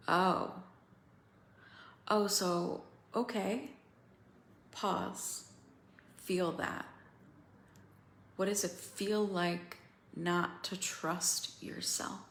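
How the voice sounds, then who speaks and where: A woman coaching other women through a feeling practice, slow and pausing, candid and swearing now and then. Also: mid-range voice, roomy sound. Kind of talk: guided emotional coaching talk.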